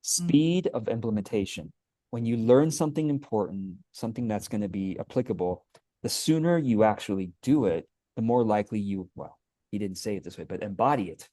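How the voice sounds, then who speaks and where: A man in a casual interview, affirming and soft-spoken, talking with small fillers. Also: fairly low pitch, lively intonation, a little fast, dry recording. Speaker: guest and productivity teacher.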